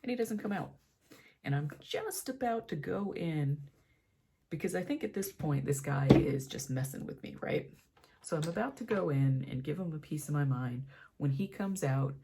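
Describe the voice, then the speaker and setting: A woman's voice: low-pitched, gravelly, husky. A young woman beauty vlogger doing her makeup while telling a story, acting out the voices of the people in it. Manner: animated storyteller, acts out quoted voices.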